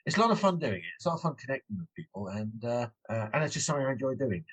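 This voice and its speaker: Fast-talking husky English man. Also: medium pitch, lively intonation, a bit bright, low-quality recording. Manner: rambling, restarts and fillers, chatty. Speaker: author and guest. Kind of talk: casual interview chat.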